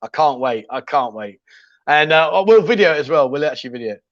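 A man's voice: a little high, animated, fairly quick, no room sound, muffled recording. A man hosting a casual livestream, chatting loosely and reading viewer comments with plenty of ums and restarts. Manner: chatty, rambling, jokey, with many ums and restarts. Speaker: livestream host.

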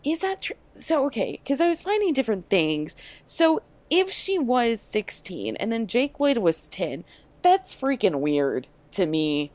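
A young woman co-hosting a podcast in casual chat, animated and full of fillers and quick asides. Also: a little high. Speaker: podcast co-host.

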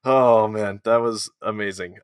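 A man's voice: fairly low pitch, unhurried, dry recording, clean studio sound. A man hosting a casual interview, enthusiastic and encouraging toward his guest. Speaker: interview host.

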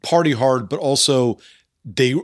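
A man's voice: medium pitch, a little slow. A man interviewing a guest, making thoughtful, reflective remarks in a casual conversation. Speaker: interviewer, former Army.

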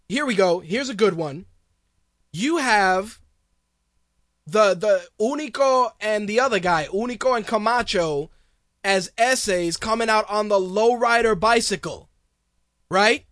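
A man's voice: high voice, slow, pauses often, fairly bright tone, no room sound, studio quality. A man hosting a podcast, ranting in a profane, sarcastic way in a casual commentary style. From Hispanic background. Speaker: podcast host.

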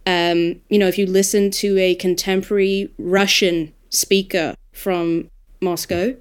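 A woman with an Australian accent, an audiobook narrator talking shop in a casual roundtable discussion, thoughtful and animated when she makes a point. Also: lowish voice, unhurried, smooth.

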